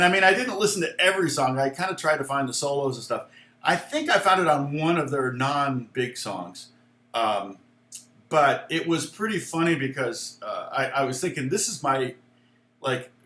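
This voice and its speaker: Chatty guitar teacher with a bright voice. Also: male voice, medium pitch, roomy sound. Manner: rambling, chatty, many fillers and asides. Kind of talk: casual live guitar lesson with stories.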